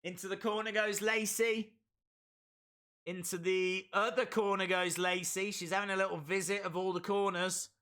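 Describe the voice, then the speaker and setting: Male streamer, excitable play-by-play host; high, very bright voice. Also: normal speed, clear, resonant tone. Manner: excitable play-by-play, bursts into shouts. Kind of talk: live reaction commentary.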